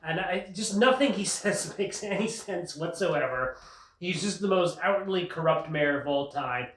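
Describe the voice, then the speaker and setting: A man's voice: high-pitched, expressive, moderate pace, a bit bright. A male comedian hosting his show, riffing sarcastically in a rambling monologue and laughing at his own jokes. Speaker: comedian host. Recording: roomy sound, mic at a distance.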